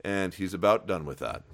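A man's voice: low-pitched, gravelly, a bit bright. A man co-hosting a casual fantasy football podcast, confident and argumentative, laughing often.

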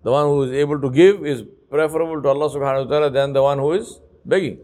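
A man delivering a religious lecture to young men. He is emphatic and repeats his points, drops to quiet asides, then rises to loud, pointed lines. He asks rhetorical questions throughout. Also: on the high side, steady tone, very fast. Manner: storytelling with repeated phrases. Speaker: Islamic lecturer.

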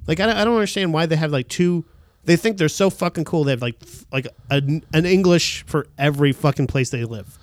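A man's voice: fairly high pitch, a little fast, hardly any pauses. A man co-hosting a casual chat, rambling with many fillers, swearing and laughing often. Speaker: podcast co-host.

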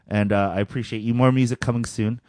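A man's voice: mid-range voice, steady tone, quick pace, darkish tone, dry recording, studio quality. A man co-hosting a podcast in casual chat, laid-back, laughing often and filling with "uh" and "you know". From Philadelphia. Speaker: podcast co-host.

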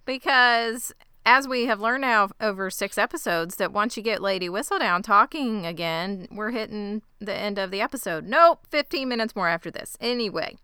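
Bright, crisp woman recapping a show. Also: medium pitch, moderate pace, no echo, studio quality. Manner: animated, sarcastic, swears casually. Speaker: podcast co-host recapping a TV episode. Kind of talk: casual chat, retelling scenes.

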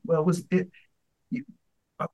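Husky animated man telling stories. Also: high voice, normal speed, low-quality recording. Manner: animated storyteller, slips into a warm grandfatherly voice. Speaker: radio show co-host. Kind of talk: casual chat.

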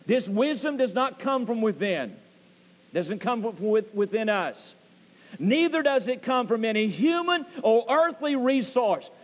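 A male pastor preaching a sermon in a church, emphatic and repetitive, swooping up on key words. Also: long reverb tail. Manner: emphatic, repeats key phrases, voice swoops high on stressed words. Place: church sanctuary.

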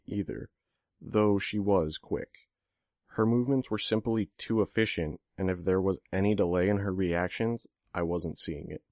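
Man, deep low voice, audiobook narration, steady measured reading, dry close sound. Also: dry recording. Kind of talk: first-person fiction narration.

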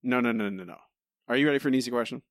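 A man's voice: medium pitch, very fast, no echo, clean studio sound. A man co-hosting a casual podcast chat and trivia quiz, self-deprecating and stumbling into restarts. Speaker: podcast co-host.

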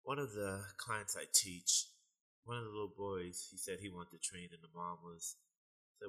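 A young man being interviewed, telling animated stories and laughing often in casual talk. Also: deep voice, moderate pace, low-quality recording. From United States. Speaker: guest, fitness trainer.

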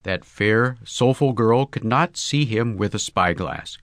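A man reading a short story aloud in measured, wry storytelling. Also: fairly low pitch, expressive, fairly bright tone, no echo. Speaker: audiobook reader. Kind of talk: scripted narration.

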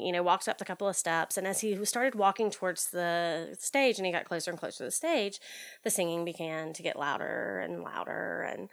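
A woman's voice: fairly low pitch, fairly bright tone, clean tone. A woman casually telling a theater ghost story, chatty and full of fillers. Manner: chatty, lots of fillers and likes. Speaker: storyteller guest.

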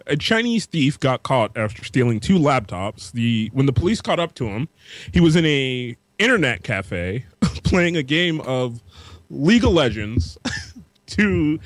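A man's voice: medium pitch, no room sound. A man hosting a podcast who reads out odd news stories and tells them with acted-out voices and laughter. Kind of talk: casual crude comedic chat.

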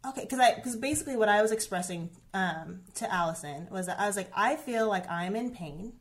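A woman's voice: mid-range voice, lively intonation, a little fast. Earnest woman telling a personal story. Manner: earnest, heavy use of "like" and "um", many restarts. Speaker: guest sharing a personal story. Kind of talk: emotional conversational storytelling.

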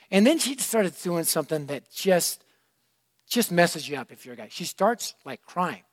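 A middle-aged male preacher telling a story in a sermon, energetic and animated, swinging from loud to hushed. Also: sits high, moderate pace. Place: church room.

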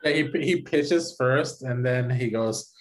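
A man's voice: medium pitch, measured pace, rough recording. A man co-hosting a casual podcast chat, joking and acting out quoted voices. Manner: jokey, acts out quoted voices.

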